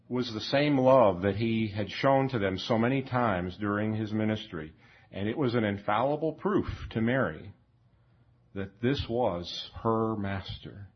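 A man preaching a sermon in a slow, reflective way, often repeating words and pausing with fillers. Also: fairly low pitch, slightly rough. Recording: dull lo-fi recording.

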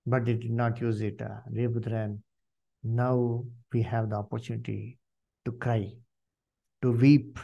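A man preaching a sermon, swinging from hushed pleading to loud emphatic exhortation and asking the congregation questions. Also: mid-range voice, little pitch movement, a little slow, gravelly. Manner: asks the congregation questions and calls on members to read.

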